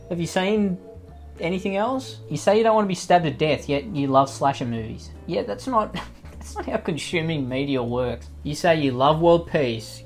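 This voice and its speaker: A man doing sarcastic, mocking comedy commentary, swearing freely as he reacts to posts. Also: fairly high pitch. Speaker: commentary YouTuber.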